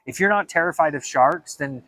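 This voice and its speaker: A young man talking in a casual vlog monologue, animated and dramatic, with frequent stammered restarts. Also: a little high, normal speed. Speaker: vlogger.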